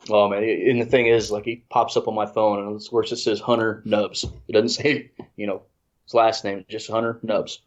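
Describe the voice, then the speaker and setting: A man's voice: lowish voice, little pitch movement, normal speed. A congested man telling a rambling, self-deprecating story in casual chat, full of restarts. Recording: dull lo-fi audio.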